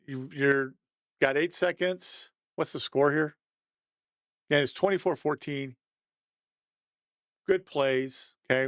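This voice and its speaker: A man's voice: on the high side, dry recording. A man giving a casual, conversational breakdown of football game film, thinking aloud and chuckling at mistakes.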